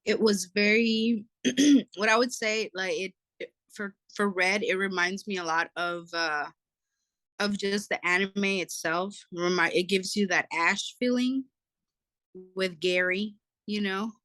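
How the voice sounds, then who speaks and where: A woman's voice: mid-range voice, a little slow, fairly bright tone, dry recording. A woman co-hosting a podcast, giving her opinion in casual talk, hesitant and restarting her phrases. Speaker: podcast co-host. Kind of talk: casual discussion.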